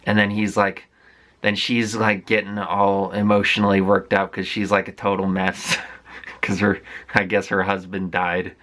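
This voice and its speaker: A man talks candidly through a film recap, circling back and restarting his sentences as he goes. His voice is bright and forceful, and it sits somewhat low. The delivery is loose and casual, filled with fillers and asides. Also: level tone, unhurried. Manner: rambling, with frequent fillers and restarts; candid and conversational. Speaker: movie vlogger.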